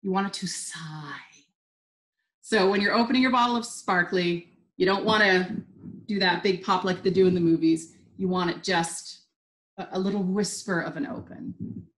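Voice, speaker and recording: A woman's voice: mid-range voice, steady tone, normal speed. A woman teaching a live online wine tasting, chatty and upbeat. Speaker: wine instructor. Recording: roomy echo.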